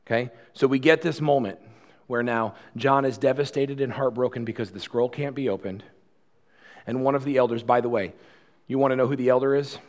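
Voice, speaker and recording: Man preaching a lively conversational sermon. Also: mid-range voice. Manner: conversational preaching, swings from loud and fast to quiet and slow. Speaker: pastor.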